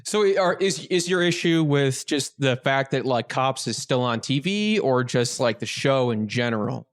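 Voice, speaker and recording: A man's voice: medium pitch, animated, moderate pace. A man hosting a podcast, jokey and steering the chat with questions. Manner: jokey, leads the talk with questions.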